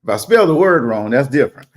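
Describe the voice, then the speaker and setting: Man from Louisiana, co-host, relaxed chat over a video call, lively voice, middle pitch. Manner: relaxed, with fillers and laughs. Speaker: co-host and co-author. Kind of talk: casual chat on a livestream.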